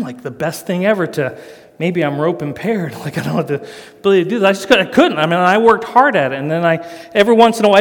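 A middle-aged man tells a folksy story from the stage of a big hall, and his long echo carries across the room. His voice sits a bit high for a man, and he pokes fun at himself as he goes. It comes across as a storytelling sermon for a live audience. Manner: folksy, self-mocking, animated storyteller. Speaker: speaker doing rope tricks for a church audience.

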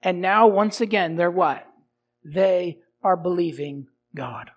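A male pastor delivering a sermon, asking the congregation rhetorical questions and swinging between loud emphasis and quiet, low lines. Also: slow.

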